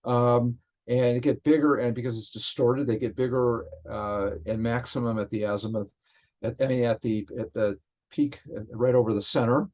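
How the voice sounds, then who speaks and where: A man, a software developer, explains technical details in conversation, often stopping and restarting his phrases. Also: medium pitch, steady tone. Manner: halting, frequent restarts while explaining.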